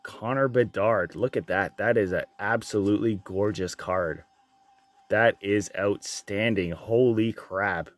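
A man opening trading card packs on his channel, reading out each card and getting loudly excited and swearing at the big pulls. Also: on the low side, normal speed, no room sound. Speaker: card breaker. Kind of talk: casual card-opening vlog.

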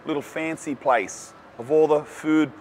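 An Australian man reviewing food in a casual vlog, talking in an excitable, slangy way. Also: fairly high pitch, unhurried, noisy background. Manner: slangy and excitable, calls the viewer "cuz". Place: cafes and city streets.

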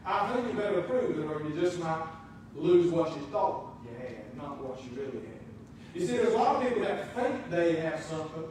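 A man preaches in a big echoing church, his high voice carrying from a distance. He drives points home, rising loud, then dropping almost to a hush. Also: lively intonation, moderate pace, slight background noise. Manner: emphatic preaching, swings between loud and soft. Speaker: pastor. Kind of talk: sermon. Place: church sanctuary. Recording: very echoey, from a distance.

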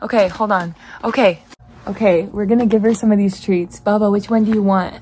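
A young woman with a Southern US accent, talking in a casual home vlog. She gushes and gets excitable, with lots of fillers. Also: medium pitch, noisy background. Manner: gushing and excitable, fast filler-heavy talk. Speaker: vlogger. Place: home indoors. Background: lawn equipment outside.

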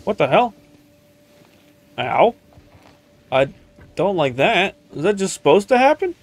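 A man chatting his way through a video game, talking back to the screen and muttering as he plays. His voice sits a little high for a man, and he hams up a put-on country accent for fun. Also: big pitch swings, slow, faint music behind. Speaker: gaming streamer. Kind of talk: casual let's-play commentary.

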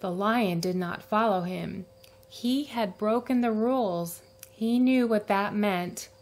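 Slow, gentle woman reading a storybook. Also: mid-range voice. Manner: slow, gentle read-aloud with acted character voices. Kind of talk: reading a picture book aloud to children.

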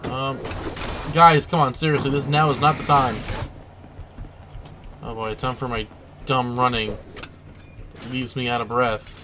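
A man hosting a let's play, giving casual gameplay commentary and breaking into excitable, swearing, panicked outbursts. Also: mid-range voice, a little slow, long pauses, background noise.

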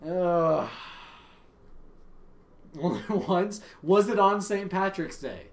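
Young male streamer, pitched a bit high, loud and joking; roomy echoey sound. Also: expressive, unhurried. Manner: loud, joking, swears freely. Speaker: livestream gamer. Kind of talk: casual stream chat. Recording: echoey room, faint ambience.

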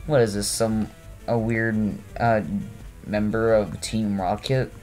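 A man with a lowish, level, slightly mellow voice talks slowly over gameplay as a let's play host, with soft music behind him. He rambles, pokes fun at himself and fills his speech with "uh" and "like." There's no webcam, only his voice over the game.

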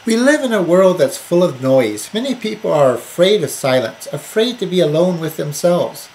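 A man giving a recorded Bible study lesson, earnest and measured, repeating phrases with shifting emphasis. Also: high voice, big pitch swings, a little mellow, a little hiss or hum, low-quality recording. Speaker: Bible teacher.

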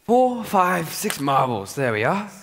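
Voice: medium pitch, sing-song, measured pace, music in the background. A fussy, exasperated male professor, played by a performer in a school stage musical. His lecturing voice swoops up and down as he drills his pupil over and over. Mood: drilling, impatient. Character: Professor Higgins, a fussy, impatient male phonetics professor. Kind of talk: live stage musical acting.

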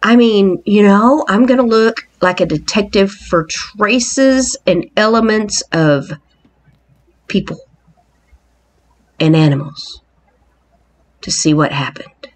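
A woman hosting a playful island tour in a game, excitable and mock-scared, exclaiming often. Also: medium pitch, takes it slowly, long pauses. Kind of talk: playful game walkthrough narration.

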